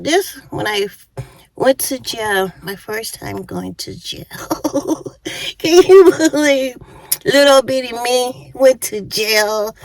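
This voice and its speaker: A woman in her fifties with a mid-range voice tells a casual storytime on her vlog as a YouTuber. She's chatty, laughs often, and eats while talking to viewers; the recording is low quality with no echo.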